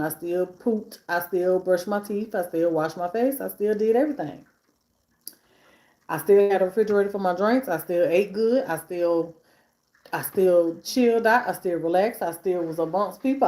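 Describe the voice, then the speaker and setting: A woman's voice: fairly low pitch, a little mellow. A woman hosting a live stream in casual chat, talking between bites while she eats and piling up repeated phrases for emphasis. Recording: echoey room.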